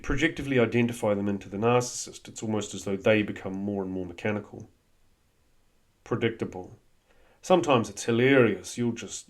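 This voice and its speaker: Guy, lowish voice, swearing a lot, blunt pep-talk vibe. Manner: blunt, swears freely, coaching tone. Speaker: host. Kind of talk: motivational monologue.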